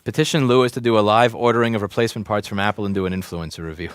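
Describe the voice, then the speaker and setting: A man hosting a casual repair livestream, ranting with swearing, swinging from loud outbursts to low mutters. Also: fairly even intonation, racing, clear, resonant tone, no room sound, studio quality. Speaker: livestream host, repair technician. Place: repair shop.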